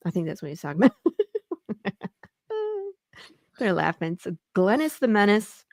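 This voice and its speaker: A woman's voice: lowish voice, animated, moderate pace, creaky, no echo, clean studio sound. A woman hosting a casual chat show, bubbly and teasing, laughing often. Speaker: podcast host.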